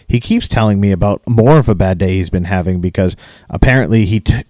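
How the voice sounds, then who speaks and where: Ranting and swearing constantly, a Maine man in his late thirties co-hosts a podcast and plays both parts of a profane story. His voice is fairly low and a little mellow. The recording is dry and studio quality.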